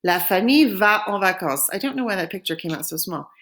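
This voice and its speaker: A woman recording a French lesson, pronouncing phrases slowly and clearly so learners can repeat them. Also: mid-range voice, expressive, a bit bright. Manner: slow, clear modeling of French phrases for repetition. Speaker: French teacher.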